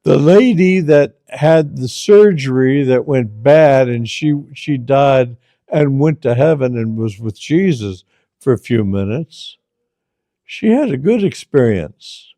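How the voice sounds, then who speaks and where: A man hosting a channel, telling stories in a slow, deliberate way and repeating phrases for emphasis. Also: mid-range voice, expressive, mellow, no room sound. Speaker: storyteller host. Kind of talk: casual spoken storytelling.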